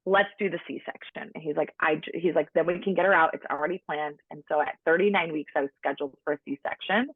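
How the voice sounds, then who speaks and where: Husky-voiced woman in her late thirties on a phone line. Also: low-pitched, fast talker, hardly any pauses, no echo. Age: late 30s. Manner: chatty, lots of "like", acts out quoted people. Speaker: podcast guest. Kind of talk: personal storytelling in conversation. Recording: tinny phone-line sound, dry.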